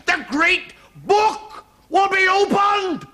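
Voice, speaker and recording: An Irish man playing a fire-and-brimstone preacher who shouts slowly from the pulpit. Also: extremely high pitch, a little hiss or hum, pitched above the performer's own voice, heavily acted. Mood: thundering. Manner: shouting, slow drawn-out.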